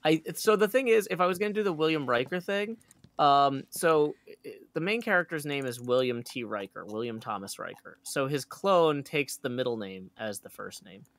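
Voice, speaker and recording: Gravelly, rambling man chatting. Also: mid-range voice, expressive, normal speed, fairly bright tone, no room sound. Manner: rambling storyteller, many fillers and restarts. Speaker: co-host on a stream. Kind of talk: casual chat.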